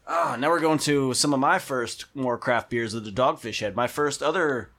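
A man chatting casually on a podcast, telling animated stories and swearing freely. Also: mid-range voice, normal speed, crowd noise.

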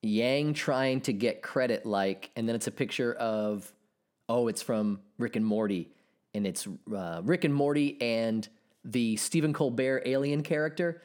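A man's voice: mid-range voice, measured pace. A man in his thirties hosting a solo podcast, ranting and swearing as he reacts to online posts. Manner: animated, profane ranting. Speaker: podcast host.

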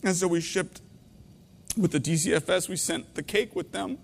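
A man's voice: high voice, normal speed, gravelly, in a large hall. Tearful man preaching from the heart. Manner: heartfelt, voice breaking, swinging between quiet and intense. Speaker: pastor. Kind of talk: emotional sermon.

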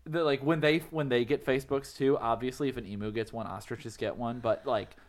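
A man co-hosting a casual podcast in a loose, joking way. He rambles through facts and tangents, often breaking into giggles. His voice sits at a middling pitch. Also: steady tone, a little fast. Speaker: podcast co-host. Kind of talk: casual comedic chat.

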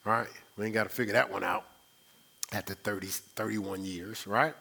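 A man's voice: on the low side, steady tone, normal speed, gravelly, bright, forceful tone, breathy edge. A middle-aged man preaching a sermon as pastor, conversational and teasing his congregation.

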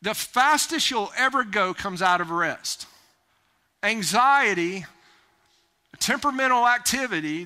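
A man preaching a sermon, plain-spoken and folksy, rising to loud urgent calls. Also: high-pitched. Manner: animated, rising to near-shouts when urging haste. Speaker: pastor.

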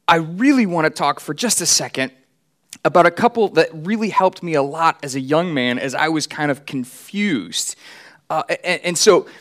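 A man's voice: medium pitch, fairly bright tone. Conversational man preaching a sermon. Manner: conversational storytelling with acted quotes. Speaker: pastor.

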